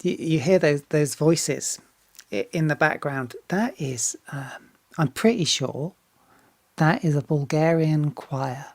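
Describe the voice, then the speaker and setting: A woman's voice: sits low, slow pace, a little mellow, a little hiss or hum. A woman singer talking casually as she reacts to a music video, often restarting and repeating words, swearing freely and getting enthusiastic.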